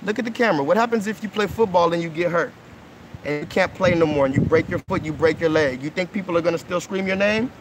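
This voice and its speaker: Earnest high-voiced man coaxing kids. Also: fast talker, noisy background. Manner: earnest, coaxing, keeps asking "okay?" and "right?". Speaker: livestream host. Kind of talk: casual live-stream talk with kids. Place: outdoors by a pool.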